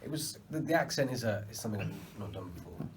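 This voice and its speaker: A man, an actor answering a press interview question hesitantly with many pauses. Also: medium pitch, expressive, background noise. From England. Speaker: actor guest.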